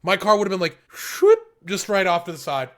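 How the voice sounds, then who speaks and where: A man's voice: sits high, fast, fairly bright tone. A man co-hosting a podcast, ranting with lots of swearing in an exasperated, casual way. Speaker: podcast co-host.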